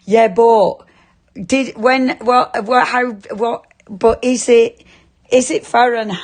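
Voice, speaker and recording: A woman's voice: on the high side, steady tone, slow pace. A woman presenting a live craft shopping show, chatting and giggling as she reads viewer comments.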